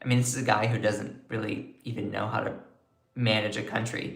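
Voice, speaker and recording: Low-pitched woman, excitable live news commentator, echoey room. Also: a little fast, vocal fry. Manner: chatty, opinionated, excitable, talks to chat. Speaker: host of a news commentary livestream.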